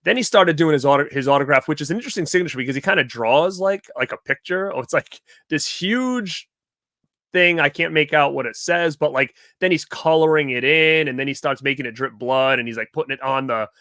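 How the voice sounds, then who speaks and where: Bright-voiced man telling a story. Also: on the high side, brisk, dry recording, studio quality. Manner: animated retelling with acted-out quotes, heavy "like" fillers. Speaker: co-host. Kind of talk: casual storytelling chat.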